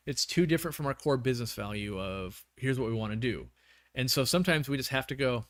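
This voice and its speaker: A man's voice: medium pitch, quick pace, a bit bright, no room sound, studio quality. Rambling man hosting a livestream. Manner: rambling, self-correcting, with many restarts. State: losing his voice. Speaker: livestream host. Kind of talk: casual livestream chat.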